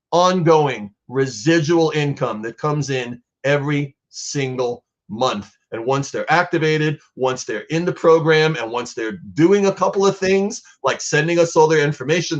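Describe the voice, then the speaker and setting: A man being interviewed about his art program, talking earnestly and growing emotional as he tells a personal story. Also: mid-range voice. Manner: earnest, grows emotional while telling a story. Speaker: guest artist.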